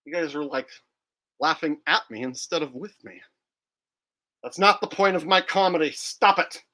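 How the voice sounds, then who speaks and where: A man's voice: on the high side, moderate pace, sharp tone. A man hosting a joking live stream commentary, chatting directly to his viewers. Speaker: streamer and host.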